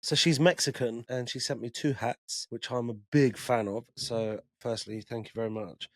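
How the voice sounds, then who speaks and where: A man's voice: mid-range voice, fairly even intonation, moderate pace, dry recording. A man co-hosting a podcast in loose, casual chat, swearing freely. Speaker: podcast co-host.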